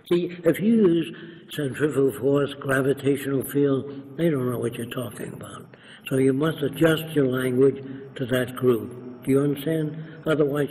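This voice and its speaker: During an interview, an older New York man tells anecdotes in a lecturing way, imitating other people's voices. His voice is medium-pitched with a darkish tone. The room is echoey, with faint hiss.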